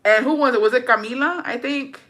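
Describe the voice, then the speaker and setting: A young woman chatting to camera in storytime mode, her voice bright and edged. She talks brashly and dramatically, swears freely and slips into Spanish now and then. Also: high voice, a little fast. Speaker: vlogger. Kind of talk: casual storytime chat.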